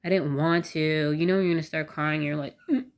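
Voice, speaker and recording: A woman with a notably low voice speaks to camera in a loose, candid vlog style. She rambles a little and fills her sentences with "like" and "you know". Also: fairly even intonation, brisk. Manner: candid, rambling, lots of "like" fillers. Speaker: vlogger. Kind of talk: casual talk to camera.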